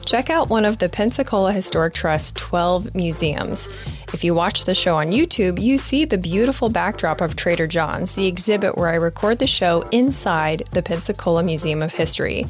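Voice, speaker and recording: A woman's voice: on the low side, expressive, moderate pace, soft background music. A woman hosting a podcast, asking questions and reading sponsor ads in an upbeat, friendly way. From United States. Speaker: podcast host. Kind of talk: casual interview and ad reads.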